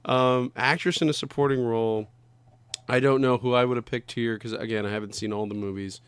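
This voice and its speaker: A man's voice: medium pitch, steady tone, fairly quick, clean tone. A man co-hosting a podcast, chatting casually in a rambling way, swearing often and groping for names. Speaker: podcast co-host. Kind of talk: casual chat.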